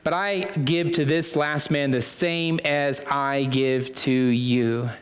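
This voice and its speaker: A man's voice: mid-range voice, steady tone, slow. A man preaching a sermon in a conversational way, full of fillers and restarts, repeating phrases for emphasis.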